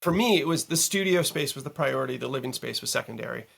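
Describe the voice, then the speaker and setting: A man as a podcast guest, a music producer telling a story in casual interview chat, animated and full of fillers and the odd curse. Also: medium pitch, fast talker, gravelly. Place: home recording studio.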